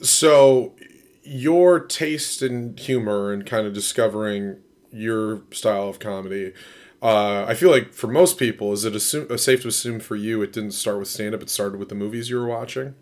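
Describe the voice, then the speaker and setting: A man's voice: fairly low pitch, normal speed, a little mellow. A man hosting a comedy podcast, easygoing and chatty, asking open questions and nodding along with "yeah.". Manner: easygoing, asks open questions, lots of backchannel. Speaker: podcast host. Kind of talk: casual podcast chat.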